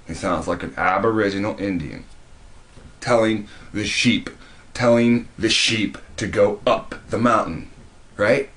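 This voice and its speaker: A man with a very low, deep voice delivers a preachy monologue. He hammers his points home with emphatic repetition and keeps restarting sentences as he pushes on. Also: unhurried, a bit bright. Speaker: video commentator.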